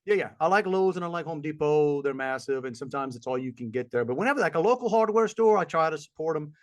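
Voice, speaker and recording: A middle-aged man co-hosts a casual podcast. His voice sits a bit high for a man. He rambles from one story to the next and slips into voices for the people he met. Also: lively intonation, fast. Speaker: podcast co-host. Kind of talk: casual chat.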